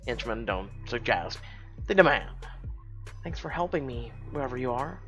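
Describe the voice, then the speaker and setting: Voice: mid-range voice, animated, normal speed, a bit bright, faint music behind. A streamer reading a story game aloud, breaking in with wry, sarcastic asides.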